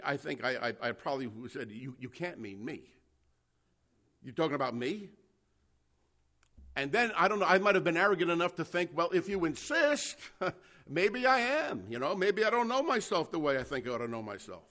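A man's voice: mid-range voice, fairly bright tone. A man preaching a sermon in a conversational manner, often chuckling, checking in with "all right?" and restarting his sentences. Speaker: pastor.

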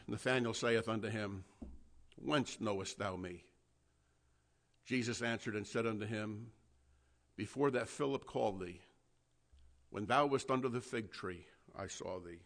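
A man's voice: lowish voice, moderate pace. Man preaching in a chatty, conversational way. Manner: conversational preaching with tag questions, chuckles and repeated restarts. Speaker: pastor. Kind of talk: sermon.

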